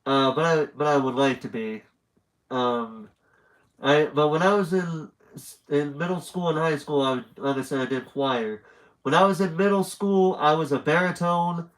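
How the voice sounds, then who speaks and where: A man's voice: fairly high pitch, normal speed, rough recording. A young man with a slightly nasal voice reads a horror story aloud on a live stream. He wanders off into chatty asides before settling back into the narration. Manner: chatty, rambling asides between story passages.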